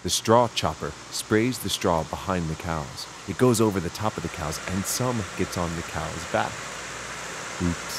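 A man's voice: low-pitched, measured pace, background noise. A man narrating a children's video, pointing things out to young viewers in a sing-song way.

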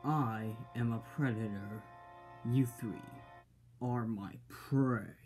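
A man's voice: medium pitch, steady tone, slow pace, darkish tone, soft background music, lightly acted. A man voicing a menacing male villain diesel engine, gloating and sneering in a toy-train story.

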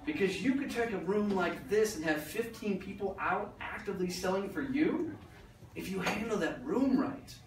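A man's voice: sits high, animated, moderate pace, a little hiss or hum. A man giving a motivational talk to a business audience, blunt and joking, swearing casually. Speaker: motivational speaker. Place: meeting room. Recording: roomy echo from far off.

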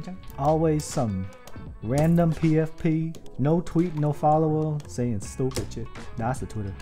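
A man giving casual, joking livestream commentary as he builds a keyboard, excitable and swearing often while talking to his viewers. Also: a little high, normal speed, soft background music. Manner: excitable, profane, joking, talks to chat.

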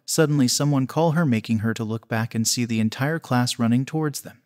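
A man narrates a fan-written story at a middle pitch. The reading is plain and a little unpolished. He voices each character without changing his voice much. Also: brisk, few pauses. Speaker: fan fiction reader.

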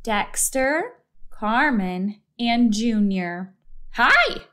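A woman reading a children's picture book aloud with slow, clear storytelling. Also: a little high, lively intonation, fairly bright tone. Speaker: storybook reader.

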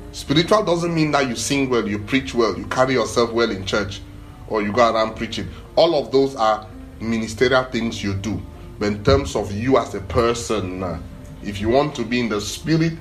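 A man delivering a sermon, his voice swinging widely up and down in pitch. He preaches emphatically, swelling on key phrases and repeating short lines for force. Faint music sits underneath him. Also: fairly bright tone.

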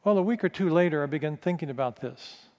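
A male pastor telling a candid, self-mocking story in a sermon, stumbling over quick restarts. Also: a little high, animated, darkish tone, muffled recording. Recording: long reverb of a large hall.

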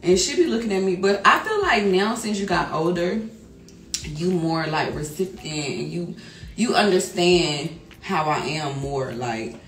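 A middle-aged woman talking casually on a livestream, loud and animated, laughing often. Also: on the low side, measured pace. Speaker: livestream host. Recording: echoey room with music behind.

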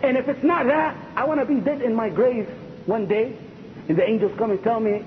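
A high-voiced man preaches with fervor, throwing questions at his listeners. The recording is dull and lo-fi. A faint rumble runs underneath. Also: lively intonation, quick pace. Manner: impassioned, asks the audience rhetorical questions. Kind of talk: sermon lecture.

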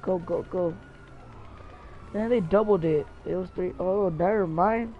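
Young guy gaming commentary, excitable, slightly high voice, faint background noise. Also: measured pace, narrow, tinny audio. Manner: excitable, mild swearing, talks to himself. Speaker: gaming channel host. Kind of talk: live gameplay commentary.

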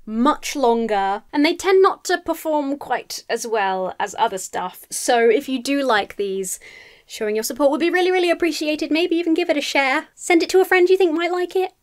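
A woman's voice: high-pitched, lively intonation, moderate pace. A woman giving a scripted film review, sarcastic and exasperated, swearing freely.

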